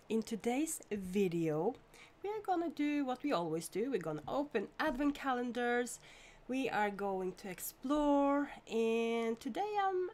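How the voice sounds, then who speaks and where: A woman's voice: on the high side, a little mellow. A woman from Norway hosting a casual live stream, chatting and greeting viewers by name with frequent laughs.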